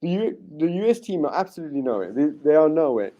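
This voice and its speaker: A man hosting a live rugby watchalong, giving excitable play-by-play commentary with sudden bursts of enthusiasm and frequent restarts. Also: on the high side, quick pace, highs cut off. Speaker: watchalong host.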